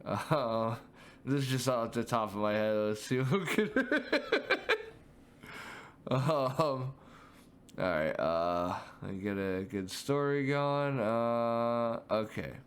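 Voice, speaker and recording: Young man, casual reaction commentary, slow, lively pitch, faint background noise. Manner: laid-back, rambling, laughs often. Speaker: streamer reacting to animal clips.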